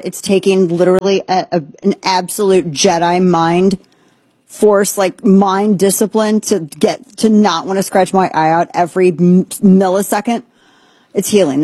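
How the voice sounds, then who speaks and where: A woman's voice: medium pitch, a little mellow, husky, no room sound. A woman hosting an opinionated commentary show, talking in an emphatic, sardonic way with blunt slang, while she has an ear infection. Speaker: show host.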